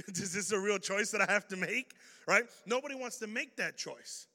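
Animated preacher with a bright voice. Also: male voice, sits high, measured pace. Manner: animated, swings from loud to hushed. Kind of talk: energetic sermon with storytelling. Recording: reverberant hall.

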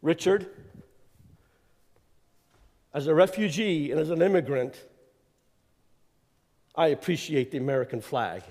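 A man giving an energetic, rambling address as guest speaker in a church, with lots of fillers and emphatic repeats. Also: a little high, measured pace, pauses often. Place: church sanctuary. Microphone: clip-on mic that keeps slipping. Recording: echoey church hall.

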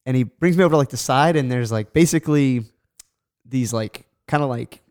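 Fast-talking man telling a story. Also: medium pitch, clear, resonant tone. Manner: animated storyteller, acts out voices, swears. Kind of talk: casual storytelling chat.

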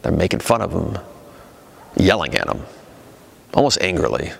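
A male pastor preaching a sermon in a conversational way, his pitch rising and falling for emphasis. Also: big pitch swings, moderate pace, vocal fry, long pauses, slightly rough, in a large hall.

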